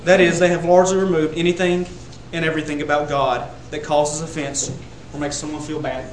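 A man delivers a sermon to his congregation, his voice sitting a little high. He builds to loud, emphatic peaks on repeated phrases. The sound is roomy, with a faint hum of ambience behind him. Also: flat delivery, brisk. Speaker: preacher. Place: church sanctuary.

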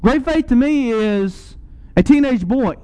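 A man's voice: very high-pitched, expressive, a little slow, warm tone, smooth, poor audio. A man preaching a sermon, earnest and rising to emphatic peaks.

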